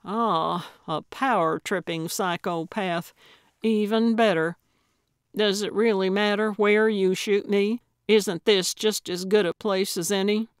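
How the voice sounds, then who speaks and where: Woman plays elderly female amateur detective, blunt, sarcastic, unhurried, storybook reading. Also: mid-range voice, fairly even intonation, smooth, no echo, studio quality, lightly acted. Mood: sardonic. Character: elderly woman sleuth, feisty and sharp-tongued.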